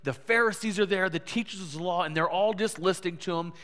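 A man preaching a sermon to his congregation, animated and lively, switching into different voices to act out how listeners react. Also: quick pace. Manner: animated, acts out listeners' voices with big pitch swings. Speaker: pastor. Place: church sanctuary. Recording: reverberant church hall.

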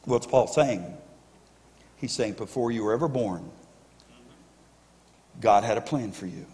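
A male pastor with a fairly low, darkish voice preaches a little slowly, emphatically rallying his congregation to call back to him. The sound echoes through the church sanctuary where he stands.

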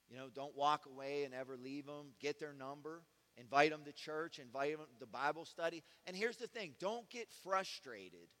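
A man preaching a sermon in a casual, conversational way that swings from soft asides to loud, fervent passages. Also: fairly high pitch, long reverb tail. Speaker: pastor.

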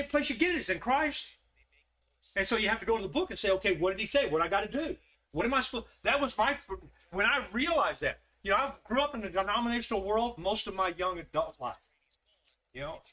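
Man, Bible study teacher, folksy, high bright voice. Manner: folksy, asks the group questions.

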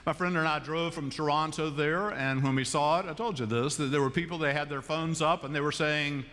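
A middle-aged man preaching a sermon in a large church, telling stories in a conversational way and moving between hushed tones and animated bursts. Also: on the high side, a little fast. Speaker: pastor. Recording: long church-hall reverb.

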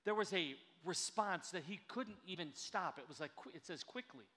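A fairly high-voiced man preaches with earnest emphasis. He leans hard on key words and draws them out slowly. His voice rings with the long reverb of a large hall. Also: lively intonation, pushed and bright. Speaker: pastor. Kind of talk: sermon.

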